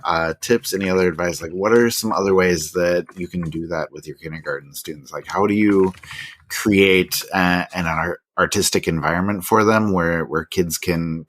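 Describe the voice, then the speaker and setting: Man, podcast host, very deep voice, halting, thinking aloud, casual interview. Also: a bit bright.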